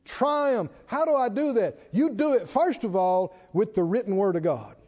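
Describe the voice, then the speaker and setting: A man preaching a sermon, emphatic and animated, stretching key words slowly and chuckling between points. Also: sits high. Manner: animated, emphatic, with slow drawn-out stresses and chuckles. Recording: dull sound with long hall reverb.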